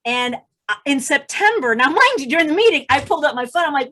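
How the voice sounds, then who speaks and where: A woman's voice: sits high, sing-song, a little fast, noisy background. A woman comedian telling a story on a video call. She acts out the quotes and laughs often. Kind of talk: stand-up storytelling.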